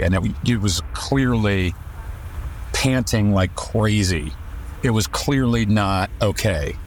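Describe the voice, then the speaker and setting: A man's voice: fairly low pitch, slight background noise. A man telling a personal story on a podcast, indignant, often restarting his sentences.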